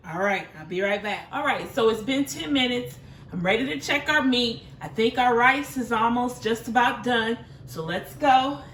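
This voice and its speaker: A woman's voice: on the high side, normal speed, fairly bright tone, roomy sound, far from the mic. A woman and mother talking casually while cooking in her home kitchen, chatty and apologetic, laughing at her own kitchen mistakes. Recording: voice a little off-mic, noisy kitchen. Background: sizzling frying pan and clicks.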